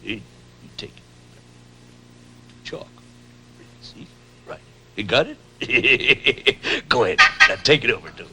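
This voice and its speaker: A man's voice: high-pitched, big pitch swings, measured pace, creaky, bright, forceful tone, slight background noise, heavily acted. A man playing a sly, blustery old schemer on a children's TV show, sputtering as he talks. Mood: scheming. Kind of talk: children's TV comedy.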